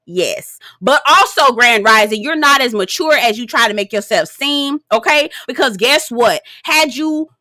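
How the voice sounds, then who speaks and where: A woman's voice: a little high, lively intonation, measured pace, hardly any pauses, sharp tone, dry recording. A young woman giving a casual, blunt and profane commentary on a reality show, laughing often and talking straight to her viewers. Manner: chatty, speaks straight to viewers.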